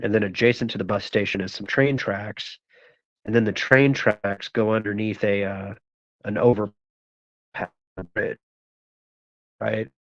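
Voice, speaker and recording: A man's voice: lowish voice, no echo. A man hosting a show, telling a rambling, profane personal story and laughing at it. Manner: rambling, profane, laughs at his own stories. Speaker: host. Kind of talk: casual storytelling. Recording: dull, dry lo-fi sound.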